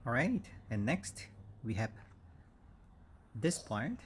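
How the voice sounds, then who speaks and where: A man teaching English vocabulary, speaking slowly and repeating each word several times for learners. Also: mid-range voice, sing-song, slight background noise. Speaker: English instructor. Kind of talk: slow vocabulary lesson.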